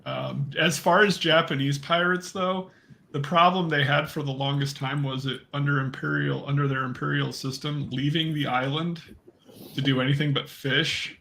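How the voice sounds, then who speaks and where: A man taking part in a casual group chat on a video call, calmly explaining things. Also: fairly high pitch, normal speed, vocal fry. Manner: informative, explaining. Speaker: guest.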